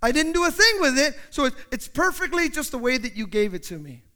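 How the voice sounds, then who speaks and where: High-voiced impassioned preaching man. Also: big pitch swings, brisk, sharp tone. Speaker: pastor. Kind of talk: sermon. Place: church sanctuary. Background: piano playing.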